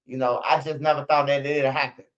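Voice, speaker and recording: A man on a live stream, telling stories and commenting in a profane, animated way. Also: mid-range voice, a little fast. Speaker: streamer commenting on street news. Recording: dull lo-fi stream audio.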